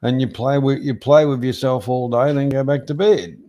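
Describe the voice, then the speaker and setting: A man's voice: medium pitch, fairly even intonation, normal speed, warm tone. A man chatting casually as a guest, making dry, teasing remarks. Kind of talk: casual chat.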